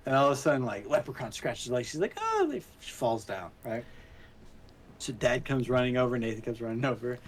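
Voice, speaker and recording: A man's voice: mid-range voice, fairly quick, a little hiss or hum. A man co-hosting a podcast, chatting casually and laughing as he retells movie scenes. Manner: animated, laughing, acts out scenes. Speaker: podcast co-host. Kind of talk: casual chat recapping a movie.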